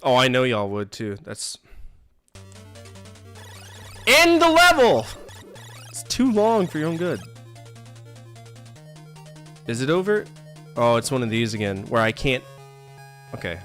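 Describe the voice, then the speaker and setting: A man's voice: mid-range voice, lively intonation, moderate pace, pauses often, fairly bright tone, smooth. A man in his thirties streaming a game live, joking, complaining sarcastically and chatting with viewers. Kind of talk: live gameplay commentary. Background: faint game music.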